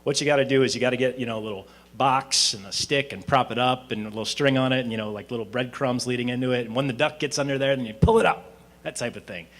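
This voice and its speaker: A man voicing a gruff, argumentative middle-aged vagrant bickering with his friends in a park. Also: medium pitch, fast, fairly bright tone, natural voice. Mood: scoffing. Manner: boastful, argumentative, raised voice.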